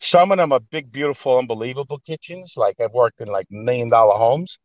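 A man's voice: mid-range voice, fairly quick, dry recording, highs cut off. Blunt, profane New York man. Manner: blunt, profane, animated storyteller. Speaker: guest, actor and private chef. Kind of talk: casual storytelling.

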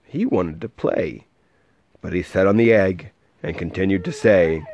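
A man reading a rhyming picture book aloud to a child, with a lively, sing-song delivery and soft asides. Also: low voice, unhurried, dull audio.

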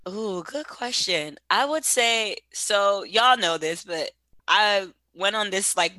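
A woman's voice: mid-range voice, lively intonation, takes it slowly, pushed and bright, no echo. A woman from West Africa, a guest in a casual conversation, chatty and laughing often as she talks to listeners.

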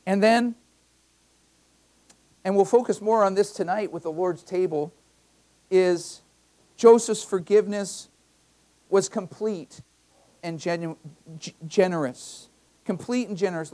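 A man's voice: sits high, unhurried, pauses often, darkish tone. Male pastor preaching a conversational sermon. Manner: conversational preaching with personal anecdotes; emphatic, repeats key phrases. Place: church.

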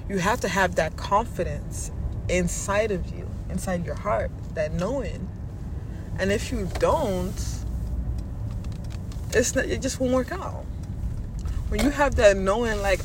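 A man giving a casual motivational monologue, animated and self-assured, talking in quick bursts about mindset. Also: high-pitched, background noise. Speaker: self-help speaker.

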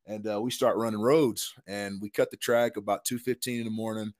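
A man, a retired football lineman, telling a hunting story in a casual, animated, slangy way, full of "dude" and "man". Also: fairly low pitch, fairly quick.

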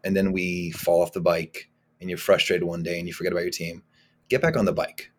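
A man's voice: sits low, little pitch movement, brisk. A man speaking as a guest on a podcast, talking casually and emphatically, often repeating words as he starts a thought. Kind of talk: casual conversational interview.

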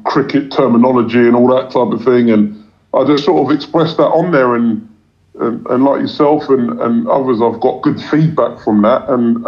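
A cricket commentator from England is a guest in a relaxed interview, speaking in a steady mid-range voice with little variation. His talk rambles, tripping over repeated words and fillers, captured on a dull, lo-fi recording.

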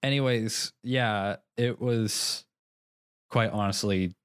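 Rambling young man, low dry voice. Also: fairly even intonation, slow pace, clear, resonant tone, no room sound. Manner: rambling, self-interrupting, laughing at himself. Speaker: podcast co-host. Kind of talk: casual chat.

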